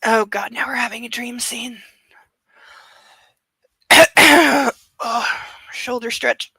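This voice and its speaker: A woman's voice: fairly high pitch, steady tone, very slow, bright, forceful tone, husky, dry recording, poor audio. Wry woman reading a book aloud. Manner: wry, sarcastic asides. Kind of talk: comedic reading with commentary.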